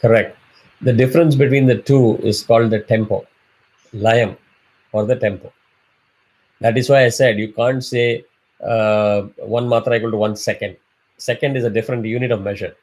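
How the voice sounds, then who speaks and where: A man's voice: medium pitch, steady tone, moderate pace, long pauses, a little mellow. A man teaching a chanting class, explaining patiently and drawing out syllables as examples. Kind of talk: online class instruction.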